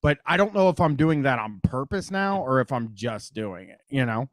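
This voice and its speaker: A Midwestern American man hosts a call-in show in a loose, rambling way, cursing casually and breaking into laughs. His voice sits at an ordinary middle pitch. The sound is close and dry, with no room around it. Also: sing-song, normal speed, no room sound. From Columbus, Ohio, US Midwest. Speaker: radio call-in host. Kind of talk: casual radio talk show chat.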